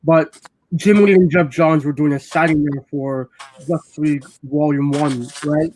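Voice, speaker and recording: A man's voice: a little high, steady tone, measured pace, a little mellow. A man co-hosting a casual podcast, recounting a story with many ums and restarts. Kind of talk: casual chat.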